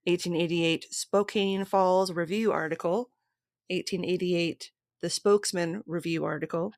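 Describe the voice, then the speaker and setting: A woman's voice: fairly low pitch, fairly even intonation, measured pace, a little mellow, no echo, clean studio sound. A woman hosting a podcast, steadily reading from a script and long lists of sources. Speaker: podcast host.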